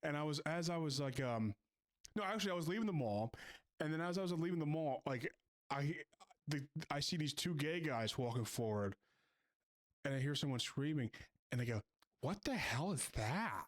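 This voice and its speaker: A man's voice: fairly high pitch, fairly quick. A man from the Philadelphia area hosting a reaction video, mocking and ranting in a sarcastic tone. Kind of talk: reaction commentary.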